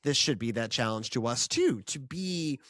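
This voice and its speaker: A podcast co-host in a casual Bible discussion, animated and full of fillers and restarts. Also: mid-range voice, normal speed, no echo, clean studio sound.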